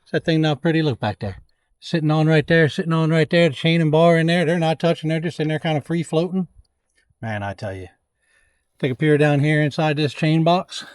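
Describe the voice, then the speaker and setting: Homestead vlogger, folksy, slightly high voice, dry close sound. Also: male voice, brisk, clear, resonant tone, no echo. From Louisiana. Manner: folksy and chatty, addresses viewers as y'all and folks. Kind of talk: casual product walkthrough.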